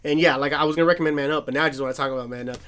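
On a podcast he co-hosts, a man rambles casually about movies, swearing a lot and laughing between phrases. His voice sits on the high side and is a bit bright, with fairly even intonation and a racing pace.

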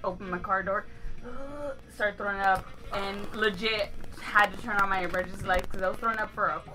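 A woman's voice: mid-range voice, fast talker, faint music behind, low-quality recording. A woman in her thirties telling a story in casual chat, swearing freely and acting out quoted lines. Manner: animated, swearing, acts out quotes.

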